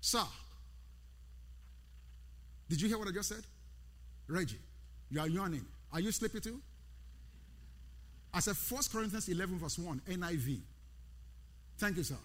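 High-voiced emphatic male preacher. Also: lively intonation, normal speed, long pauses, fairly bright tone. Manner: emphatic, repeats key words and chants rhythmically; calls out to the congregation by name. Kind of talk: sermon. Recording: long hall reverb.

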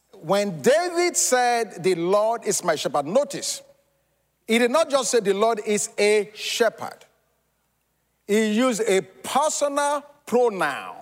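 A man preaching a Sunday sermon, with dramatic pauses, repetition and questions to the congregation. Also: high-pitched. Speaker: pastor. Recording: long hall reverb.

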